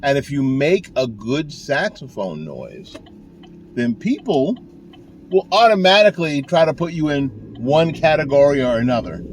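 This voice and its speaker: An older man who teaches saxophone gives casual, folksy talking-to-camera advice from a car, rambling and restarting frequently. His voice sits on the high side with big pitch swings and a measured pace, over a little hiss or hum.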